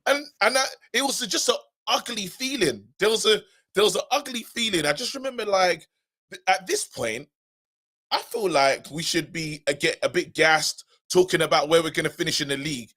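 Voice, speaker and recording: A man's voice: sits high, moderate pace. A man in his thirties, co-hosting a football fan live stream in casual, emphatic chat that repeats its points. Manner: animated, emphatic, repeats himself. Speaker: co-host of a football fan show.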